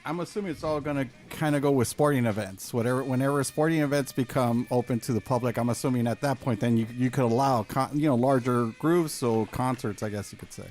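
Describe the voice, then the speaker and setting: A man's voice: mid-range voice, fast, few pauses, darkish tone, soft background music. A man co-hosting a podcast, chiming in with jokes and hedged guesses. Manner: chimes in with jokes, talks in hedges. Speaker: co-host. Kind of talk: casual chat.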